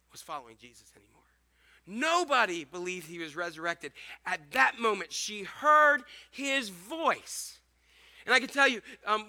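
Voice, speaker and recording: Man, pastor, sermon, joking, acts out scenes, high voice, very bright.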